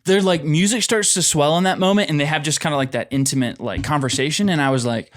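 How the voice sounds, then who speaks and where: A podcast co-host talks fast in a mid-range voice with few pauses, casually reviewing a film. He's animated and acts out his own reactions as quotes.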